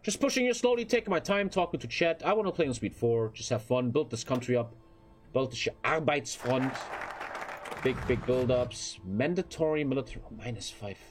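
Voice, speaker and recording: A man's voice: medium pitch, animated, brisk, faint music behind, some chatter behind. Rambling, swearing young male streamer. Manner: rambling, profane, with filler phrases. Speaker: game streamer. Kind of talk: casual livestream chat while gaming.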